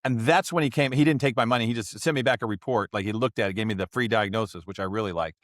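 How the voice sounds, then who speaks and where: A man's voice: lowish voice, fast, fairly bright tone, no echo, studio quality. A man co-hosting a casual podcast chat, telling rambling stories and acting out what other people said. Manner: rambling storyteller, acts out quoted voices. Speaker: podcast co-host.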